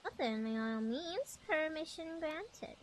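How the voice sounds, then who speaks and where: A woman's voice: high voice, big pitch swings, slow pace, slight background noise, exaggerated voice. A woman voicing a pompous, eccentric male fantasy writer who talks in flowery, old-fashioned phrases. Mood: grandiose.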